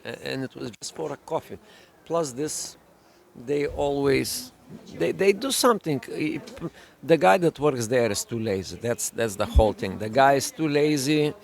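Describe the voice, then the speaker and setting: On a cafe terrace, a vlog co-host with a creaky, mid-range voice jokes and rambles through a casual chat. Now and then he slips into mock voices.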